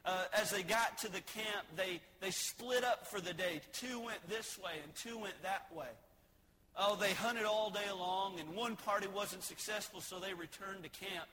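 A man's voice: high-pitched, a little slow, pushed and bright, slight background noise, rough recording. A man preaching a sermon in a folksy way, joking and asking the congregation questions. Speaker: pastor.

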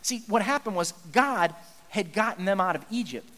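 A man's voice: high-pitched, expressive, normal speed, a bit bright, big-room sound. A male pastor giving an earnest, conversational sermon, often restarting his sentences.

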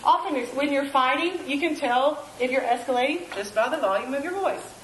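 A woman's voice: high-pitched, brisk, roomy sound, a little hiss or hum, low-quality recording. A middle-aged woman giving a folksy, conversational sermon, often asking the audience questions. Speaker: preacher.

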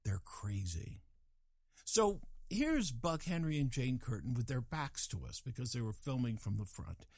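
A man's voice: mid-range voice, very animated, moderate pace, few pauses, no echo, clean studio sound. An older man from Colorado telling a rambling, self-deprecating story and acting out the voices of people in it. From Colorado, USA. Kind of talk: casual spoken anecdote.

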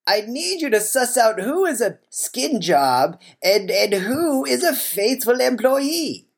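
A woman playing a pompous, self-important male billionaire boss in an improvised comedy sketch, drawling and halting. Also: a little high, very animated, gravelly, slightly rough, exaggerated voice. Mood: brisk. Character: pompous billionaire boss, man, middle-aged.

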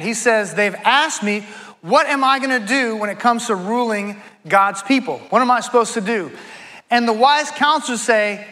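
A man giving a sermon in a high voice that sounds bright and forceful. He retells an old story in everyday talk and reads verses aloud. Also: poor audio. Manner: conversational, retells scripture in casual speech. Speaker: pastor.

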